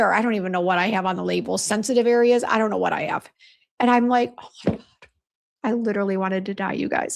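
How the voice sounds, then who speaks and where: A woman in her fifties with a somewhat high voice and a gravelly, creaky edge. She talks frankly and chattily on a live stream, reading viewer comments aloud. She laughs at herself and often breaks into exclamations. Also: fairly even intonation, brisk. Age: 50s. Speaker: beauty brand owner hosting a live stream.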